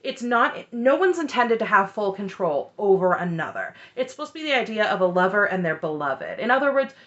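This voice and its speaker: A woman with a bright, clear voice talks through a reality show episode in a casual, opinionated recap. She is candid and animated and often stops for asides. Her pitch sits in the middle of the usual range. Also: a little fast, lo-fi sound.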